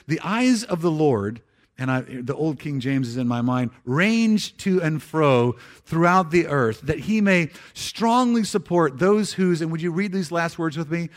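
A man giving a conversational sermon in church, slowing for scripture and dropping soft for emphasis, with frequent restarts. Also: fairly high pitch. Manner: repeats words and restarts phrases. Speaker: pastor.

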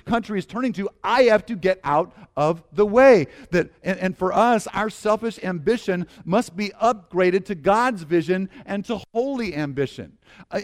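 A middle-aged man preaches in an earnest, emphatic way. His voice sits a little high for a man and moves widely, sinking to near-whispered low phrases and then climbing to loud calls for the congregation to repeat after him. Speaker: pastor. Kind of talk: sermon.

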